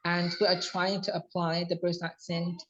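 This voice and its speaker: A man's voice: high voice, completely flat delivery, moderate pace, fairly bright tone, a little hiss or hum. An Indonesian man who teaches English, hosting a video call interview, polite and eager with many fillers. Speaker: English course teacher, host. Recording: dull muffled call audio.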